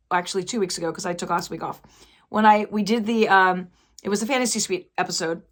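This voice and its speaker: A woman chatting casually as she recaps a TV finale, slipping into quick quoted lines as she retells the scenes. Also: mid-range voice, a bit bright. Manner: chatty, acts out quotes in passing. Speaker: TV recap vlogger.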